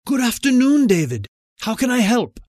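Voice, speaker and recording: A man voicing a confident, direct German woman archaeologist in an audiobook, brisk and teasing. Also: extremely high pitch, very animated, darkish tone, dry recording, studio quality, voice pushed up, exaggerated voice.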